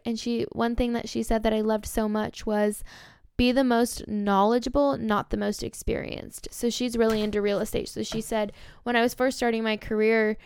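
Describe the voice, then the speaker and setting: A woman's voice: on the high side, clear, resonant tone, dry recording. Young woman podcaster, emotional gushing storyteller, dry close sound. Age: young adult. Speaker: podcast host. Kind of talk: casual storytelling monologue.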